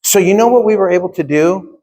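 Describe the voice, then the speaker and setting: A man's voice: sits high, a little fast. A middle-aged man giving a motivational keynote at a conference, telling stories and acting out the dialogue as he talks straight to the audience. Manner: animated storytelling, acts out dialogue, addresses audience directly. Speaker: conference speaker. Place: large conference hall. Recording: long hall reverb.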